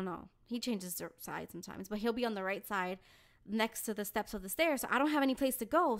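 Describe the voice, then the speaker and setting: A young woman co-hosting a podcast, telling a story in a blunt, animated, profane way. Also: medium pitch. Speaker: podcast co-host. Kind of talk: casual podcast chat.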